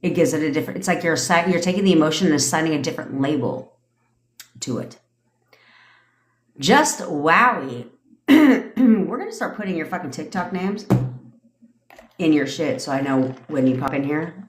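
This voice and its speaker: A middle-aged woman with a low voice coaches her listeners in a casual livestream rant. She is blunt and profane, swearing as she goes. Her voice rings in an echoey room. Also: animated, moderate pace, long pauses. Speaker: manifestation coach.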